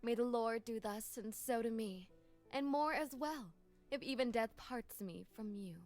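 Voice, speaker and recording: An earnest young woman, voiced by a woman, coaxes her friend with calm, persuasive lines. She speaks in a fairly high voice and recites old verses gently, as in a story-driven game. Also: measured pace, soft background music, lightly acted. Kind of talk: video game voice acting.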